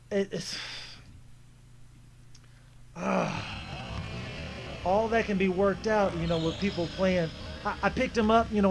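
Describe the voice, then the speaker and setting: With a high-pitched voice over background noise, a man comments on footage of a basketball game he played as an amateur. He is exasperated and emphatic, repeating himself frequently throughout the breakdown.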